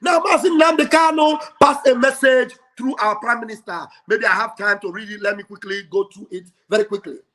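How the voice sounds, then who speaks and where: A man hosting a livestream, giving a fiery, preacher-like speech full of shouting and call and response. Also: high-pitched, steady tone, a little fast, hardly any pauses. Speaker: livestream host. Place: home livestream studio.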